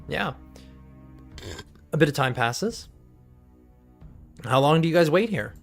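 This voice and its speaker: A man's voice: fairly high pitch, lively intonation, slow, creaky, faint music behind. A man narrating as game master for a tabletop game, rambling with lots of fillers. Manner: rambling, filler-heavy, laughing.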